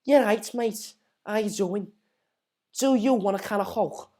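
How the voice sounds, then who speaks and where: A man's voice: high voice, darkish tone. A man doing a mumbling Scouse footballer. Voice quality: halting, full of "um, you know". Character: mumbling young male footballer after a match.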